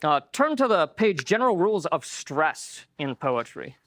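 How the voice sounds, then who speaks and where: A man's voice: a little high, big pitch swings, moderate pace, a bit bright. A man giving a conference lecture in a conversational way, with many filler words. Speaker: conference speaker. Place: lecture room.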